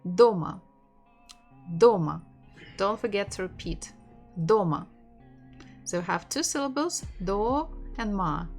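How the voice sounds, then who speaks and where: A woman's voice: mid-range voice, expressive, moderate pace, few pauses, faint music behind. A woman with a Russian accent teaching an online language lesson, patiently repeating words for learners.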